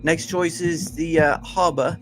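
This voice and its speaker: Man, fairly high-pitched, guest player, casual joking chat. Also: steady tone, a little slow, soft background music. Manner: joking, easygoing, talks tech. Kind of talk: casual chat while playing a gamebook.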